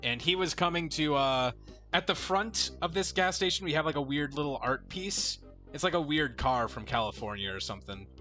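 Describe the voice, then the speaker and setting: A man's voice: on the high side, expressive, normal speed, bright, forceful tone, soft background music. A young man casually telling a long story while gaming, rambling and swearing, often cutting himself off mid-sentence. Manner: rambling, profane, self-interrupting. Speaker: let's play co-host.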